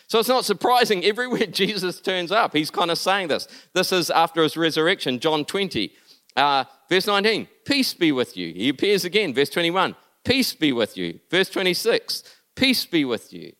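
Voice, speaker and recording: Guy preaching, kinda high smooth voice, earnest, swings from loud to soft. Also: very animated, moderate pace. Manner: earnest, building to emphatic peaks, then dropping soft and low. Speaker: pastor. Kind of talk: sermon.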